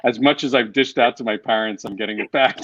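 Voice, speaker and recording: A man's voice: medium pitch, brisk, noisy background. Man telling stories over a dull call line. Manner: storytelling, self-deprecating, restarts often. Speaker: guest author and coach. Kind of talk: casual interview chat.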